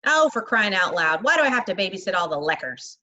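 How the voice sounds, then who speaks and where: A woman's voice: medium pitch, big pitch swings, fairly quick, bright, forceful tone. Woman doing an impatient boy hall monitor. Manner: brusque, impatient.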